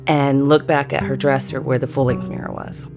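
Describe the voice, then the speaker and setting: A middle-aged woman narrating a personal story in a measured, deliberate way. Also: extremely low pitch, level tone. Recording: guitar music underneath.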